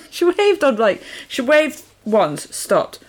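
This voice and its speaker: A woman's voice: high-pitched, sing-song, slow. Wry woman chiming in. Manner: chimes in with short wry remarks, laughs. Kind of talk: casual TV episode recap.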